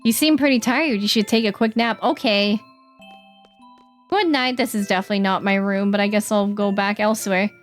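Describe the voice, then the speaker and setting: A woman streaming a game, chatting casually and reading the dialogue aloud in quick playful voices. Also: medium pitch, fairly even intonation, soft background music.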